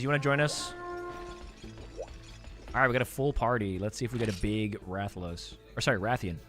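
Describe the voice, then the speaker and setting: A man's voice: lowish voice, sharp tone. Joking young male game streamer. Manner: joking, chatty, answers chat. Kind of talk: casual live-stream chat.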